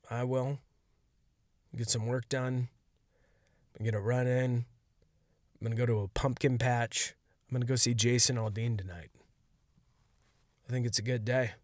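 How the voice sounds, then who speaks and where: Give me a man with an average-pitched voice, telling a rambling story in a dead-dry room. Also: no room sound. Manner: rambling, laid-back, heavy on "like". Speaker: podcast host and stand-up comedian. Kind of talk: casual solo storytelling.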